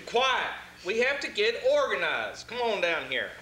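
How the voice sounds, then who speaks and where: A man plays a scheming, commanding lawyer with a very high, bright voice. He speaks calmly and takes charge. The recording is roomy with faint hiss. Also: measured pace, full character voice. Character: scheming smooth-talking male lawyer. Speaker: community theater actor. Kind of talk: stage play acting.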